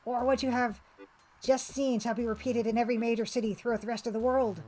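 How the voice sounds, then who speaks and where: A woman reading out a raspy, evil male villain's threats from a retro game. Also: on the high side, fairly even intonation, fast talker, warm tone, close to an everyday voice, low-quality recording. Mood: menacing. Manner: menacing, reading out game text.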